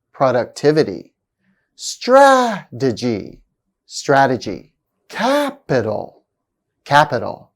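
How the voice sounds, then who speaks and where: Slow, lively-toned woman teaching pronunciation. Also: low-pitched. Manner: slow, deliberate, repeats example words with exaggerated stress. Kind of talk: scripted pronunciation lesson.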